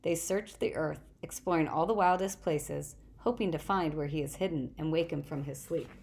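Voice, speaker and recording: A woman with a gravelly voice reading the lines of an earnest young male satyr in a storybook, wistful and at times indignant. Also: low-pitched, moderate pace, a little mellow, a little hiss or hum. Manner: pleading, wistful, indignant at humans.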